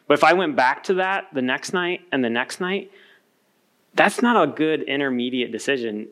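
A man's voice: on the high side, a bit bright. A man in his thirties speaking to an audience at a workshop, earnestly coaching the listeners.

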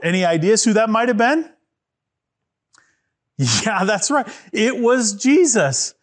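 Male children's Bible teacher: high, very animated voice, unhurried storytelling. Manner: animated, asks kids to join in with actions.

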